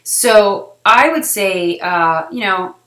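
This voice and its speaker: A woman's voice: mid-range voice, animated, slow, a bit bright. A woman in her thirties, a blogger answering reader questions in casual talk to camera, chatty with frequent laughs and fillers. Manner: chatty, laughs often, emotional at times, lots of fillers. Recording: echoey room.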